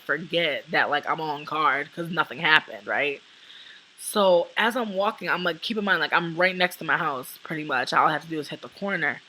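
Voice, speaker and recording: Bright-voiced woman telling a profane storytime. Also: low voice, slight background noise, low-quality recording. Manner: profane, animated, acts out what people said. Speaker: vlogger. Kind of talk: casual storytime monologue.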